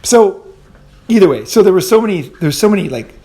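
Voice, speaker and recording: This podcast host has a high, sing-song voice that is brisk and warm. He rambles loosely through a casual storytelling monologue, packing it with fillers and casual swearing and laughing at his own tales.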